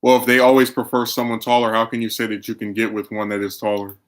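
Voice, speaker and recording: A man's voice: fairly low pitch, monotone, fast talker. A man streaming, chatting casually and arguing his opinions while reacting to his chat. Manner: opinionated, argumentative.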